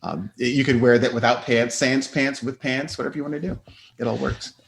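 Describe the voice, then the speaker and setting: A man's voice: medium pitch, a little fast, creaky, slight background noise. A middle-aged man, a doctor and podcast guest, telling stories in casual chat and acting out what people said. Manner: animated storyteller, acts out quotes with laughs.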